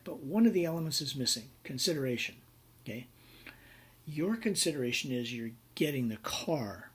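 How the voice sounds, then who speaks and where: Husky guy lecturing on business law, chatty, lots of ums, acts out little scenes. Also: medium pitch. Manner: conversational with frequent fillers and role-played examples. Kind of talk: university lecture.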